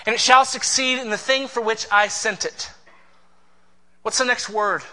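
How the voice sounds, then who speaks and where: A man's voice: very high-pitched, fairly even intonation, moderate pace, bright, forceful tone. A man preaching a sermon as pastor, in an emphatic, passionate way.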